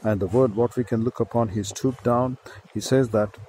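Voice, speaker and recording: A man's voice: medium pitch, steady tone, normal speed, mellow, a little hiss or hum, low-quality recording. A man with an Indian accent preaching a sermon, reading scripture verses aloud and explaining the words one by one.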